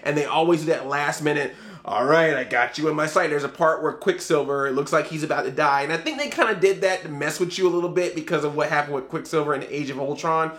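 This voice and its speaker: A man giving a casual, animated movie review, laughing often and acting out scenes. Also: fairly high pitch, quick pace, few pauses.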